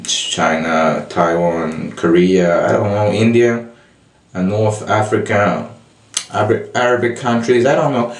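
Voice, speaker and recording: A man with a French accent, a native French speaker, giving a casual video lesson in a halting way, with many fillers and restarts. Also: deep voice. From Belgium. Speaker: French teacher. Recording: echoey room from far off.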